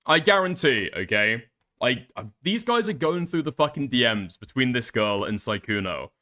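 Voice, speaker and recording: A man's voice: medium pitch, sing-song, moderate pace, pushed and bright. A man giving casual reaction commentary, ranting in a profane, emphatic and sarcastic way. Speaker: streamer reacting to a video.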